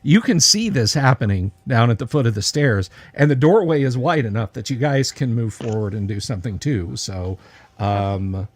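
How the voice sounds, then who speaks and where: Man, game master, casual halting narration, online call, mid pitch. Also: lively intonation. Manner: casual, halting, lots of filler words. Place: home, online stream. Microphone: video call.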